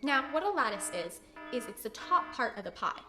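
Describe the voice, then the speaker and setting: A woman's voice: on the high side, very animated, moderate pace, reverberant, over music. A teenage girl hosting a cooking tutorial, bubbly and joking with chatty asides. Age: teens. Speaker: cooking video host.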